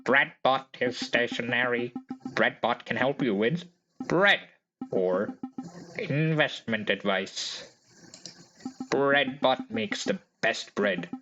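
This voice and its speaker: A man voicing a pompous male bread-selling robot in grand, slow pronouncements, with faint music behind. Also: mid-range voice, lively intonation, sharp tone, highs cut off.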